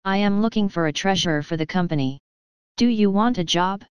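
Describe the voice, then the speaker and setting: A woman's voice: medium pitch, brisk, a little mellow, smooth, no room sound, close to an everyday voice. A woman reading a pushy con-man company boss. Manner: pushy, boastful. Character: brash fast-talking male con-man company president. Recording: dry, slightly dull lo-fi.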